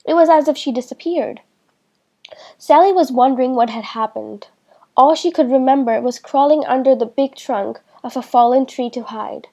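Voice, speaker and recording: Woman, storybook narrator, high voice, mellow tone, slow clear reading. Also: lo-fi sound. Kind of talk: children's book read-aloud.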